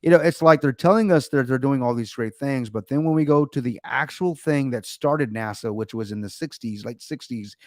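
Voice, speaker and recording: A man's voice: mid-range voice, normal speed, few pauses, a little mellow, no echo. American man, livestream host, sarcastic rant, casual chat, dry close mic. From United States. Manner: ranting, sarcastic, many restarts.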